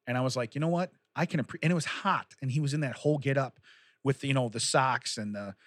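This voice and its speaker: A man chatting on a podcast, laughing often as he rambles. His voice sits at an ordinary middle pitch. The recording is dry and close. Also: fast talker, a bit bright, no room sound. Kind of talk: casual chat.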